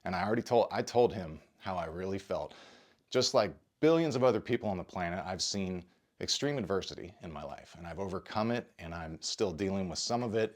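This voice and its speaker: Man, very low voice, earnest confessional testimony, halting, emotional, a bit breathless. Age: adult parent. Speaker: video creator and podcaster. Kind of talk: personal testimony to camera.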